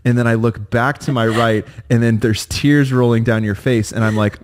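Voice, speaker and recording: A man's voice: mid-range voice, steady tone, brisk, few pauses. A man in his thirties co-hosts a casual podcast chat with a mid-range voice. He tells stories in a playful, teasing way and laughs easily along the way. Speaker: podcast co-host.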